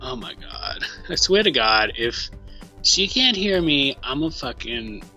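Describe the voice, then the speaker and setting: A man talks casually on a live stream, loose and quick to swear, answering a co-host off mic. His voice is bright and lively, rising and falling a lot, with soft music playing behind him. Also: mid-range voice, lo-fi sound.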